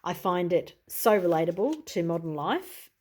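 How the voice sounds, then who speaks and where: A woman's voice: fairly low pitch, big pitch swings, normal speed, darkish tone. A middle-aged Australian woman, a tarot reader, chatting easily in a show-and-tell video, often adding "you know" and "I suppose.".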